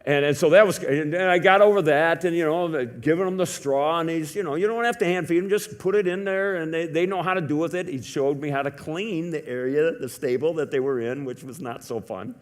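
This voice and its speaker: A man preaching a sermon in a church, telling a story in a conversational way, swinging from hushed to loud. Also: fairly high pitch, a little fast, hardly any pauses. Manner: conversational with many fillers. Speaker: pastor.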